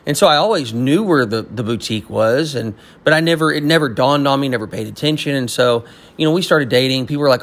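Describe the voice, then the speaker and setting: A young man from Texas, a business owner, telling a story in a casual, animated way and acting out the people he quotes. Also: mid-range voice, fast talker. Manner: animated, acts out quoted voices.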